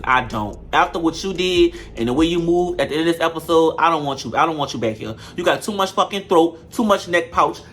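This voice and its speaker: A man's voice: high voice, fairly bright tone. A man giving casual, profane, sassy commentary in a reality-show review. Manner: blunt, profane, sassy trash talk.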